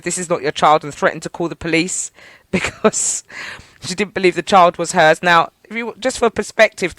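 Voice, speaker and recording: A woman co-hosting a radio show, telling stories in an animated, chatty way. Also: sits low, no echo. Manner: animated, chatty storytelling with laughs. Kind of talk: casual radio chat. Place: radio studio.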